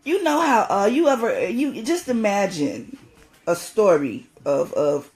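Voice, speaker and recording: A woman's voice: medium pitch, very animated, unhurried, a little mellow, faint music behind. A woman giving an impassioned spiritual talk, emphatic and preachy, repeating phrases for stress.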